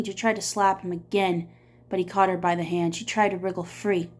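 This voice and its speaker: A woman reading a novel aloud as an audiobook reader, in a steady storytelling manner. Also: on the low side, brisk.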